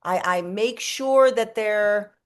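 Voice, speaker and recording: A middle-aged woman from the United States, telling animated, profane stories in a casual interview, with lots of restarts. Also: mid-range voice, slow. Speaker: interview guest, comedic performer.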